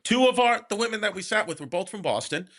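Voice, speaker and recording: Guy hosting a comedy pod, kinda high voice, rambles, restarts everything, full of ums. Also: lively intonation, quick pace, a bit bright. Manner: rambling storyteller, many fillers and restarts. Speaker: podcast host. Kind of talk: casual comedy podcast chat.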